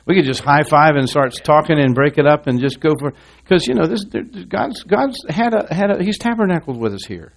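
A man's voice: on the high side, lively intonation, fairly quick, gravelly, few pauses. A man preaching a sermon in a church, rambling and folksy with asides and restarts, reading scripture aloud to his congregation. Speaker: pastor.

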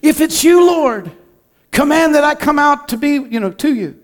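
A man voicing an impulsive, eager male disciple, pleading and excited, with his pitch jumping well above his normal speaking voice. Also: moderate pace.

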